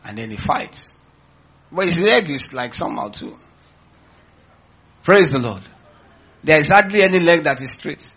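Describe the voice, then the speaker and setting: A man's voice: fairly high pitch, expressive, measured pace, long pauses, a bit bright, slightly rough, lo-fi sound. A man preaching a sermon as pastor, calling out to his congregation with questions and rallying lines. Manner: preaching with call-outs to the congregation.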